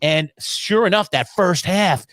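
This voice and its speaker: A man co-hosting a casual fantasy football talk show, telling stories animatedly and acting out his own yelling. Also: high voice, measured pace, no echo. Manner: animated storyteller who acts out his own shouting. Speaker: podcast co-host.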